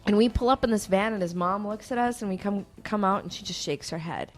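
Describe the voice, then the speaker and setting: A young woman hosting a casual morning radio chat, animated and acting out quotes as she tells a story. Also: medium pitch, quick pace, soft background music. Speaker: radio host.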